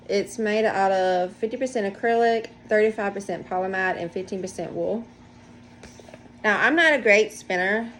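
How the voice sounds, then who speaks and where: A woman's voice: medium pitch, a little hiss or hum. A woman hosting a casual knitting video podcast from home, chatting in a rambling, self-deprecating way as she shows her projects. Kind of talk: casual show-and-tell chat. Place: home, indoors.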